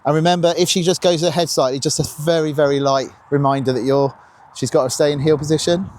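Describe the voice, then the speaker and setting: A man's voice: fairly high pitch, quick pace, slight background noise. A man coaching dog owners on a walk outdoors, instructive and encouraging. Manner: encouraging, instructive, lively sing-song praise. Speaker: dog trainer. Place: outdoors on a path.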